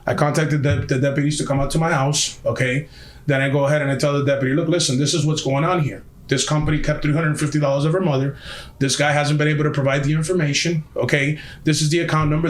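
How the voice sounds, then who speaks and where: A man's voice: a little high, fairly even intonation, fast, roomy sound. A man telling a story on a podcast in a heated, emphatic way, swearing often. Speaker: podcast guest. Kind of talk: casual storytelling.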